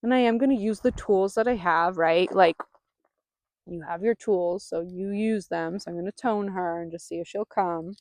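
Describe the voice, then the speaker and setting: A woman who hosts a spiritual vlog, speaking outdoors in a calm, soothing way with bursts of mock panic. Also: on the low side, moderate pace, dry recording. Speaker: spiritual guide and channeler. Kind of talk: casual spiritual talk to camera.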